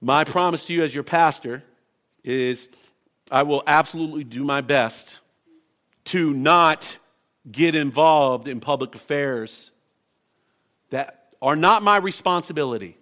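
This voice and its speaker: A man's voice: a little high, measured pace, pauses often, sharp tone. A man preaching a sermon as pastor, impassioned and emphatic, reading scripture and pressing his points.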